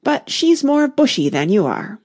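A woman's voice: high-pitched, big pitch swings, measured pace, a little mellow, dry recording, studio quality, pitched above the performer's own voice, full character voice. A woman reading aloud and voicing a proud, bossy talking tiger lily flower with a haughty, commanding manner.

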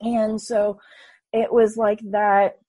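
A woman in her twenties, a guest telling her story in a casual, animated way and acting out her own past thoughts. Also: mid-range voice, slow pace, no echo. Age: 20s. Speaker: interview guest.

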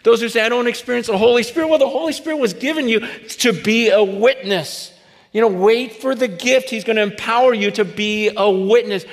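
High-voiced male preacher in a reverberant hall. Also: fairly quick. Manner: conversational storytelling with many fillers and restarts; acts out dialogue, rising to shouts. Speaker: pastor. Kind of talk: sermon.

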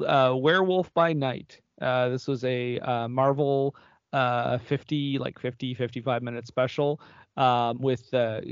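A man's voice: mid-range voice, no room sound, highs cut off. A man co-hosting a podcast in casual chat, full of fillers, joking and blunt. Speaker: podcast co-host.

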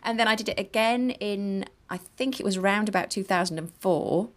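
A woman with a northern English accent, a guest actress telling lively anecdotes with frequent laughter in a casual interview. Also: mid-range voice, brisk. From northern England. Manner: chatty, laughs often, animated storytelling.

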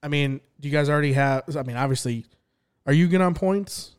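A man's voice: on the high side, brisk, clear, resonant tone. A man hosting a racing podcast, asking questions and telling stories in a wry, chatty way. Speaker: podcast host. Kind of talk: casual podcast chat and storytelling.

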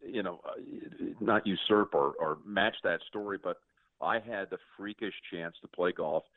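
Deep-voiced man on a tinny line. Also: normal speed, dry recording. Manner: reflective, earnest storyteller. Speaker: guest sportscaster. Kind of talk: casual interview storytelling. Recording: tinny phone-like line, dry.

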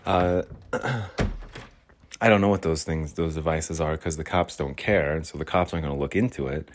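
Background noise accompanies a man's very deep, fairly even voice as he talks at normal speed on his solo podcast. His monologue rambles and meanders, punctuated by chuckles and self-mocking asides.

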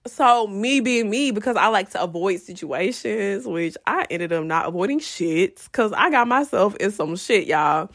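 A young adult woman telling a story to her viewers in a casual, profane, animated way, often breaking into laughs. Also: mid-range voice, moderate pace, hardly any pauses.

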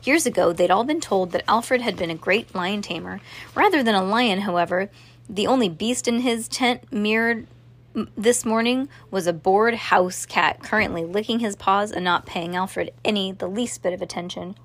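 A woman's voice: mid-range voice, moderate pace. Woman reading a storybook aloud. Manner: steady narration with small restarts. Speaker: reader.

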